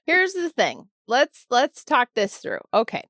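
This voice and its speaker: A woman attorney co-hosting a chatty podcast, her voice slightly on the high side and recorded close and dry. She is snarky and ranty, running a little tired. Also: huge pitch swings, unhurried, fairly bright tone, no room sound. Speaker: nonprofit attorney and co-host. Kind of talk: casual podcast chat.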